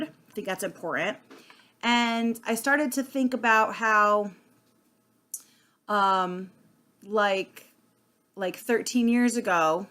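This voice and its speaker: A woman sales consultant vlogger speaks straight to camera in an unscripted, casual monologue. Her voice is medium-pitched and a bit bright, and her earnest delivery is full of fillers and restarts.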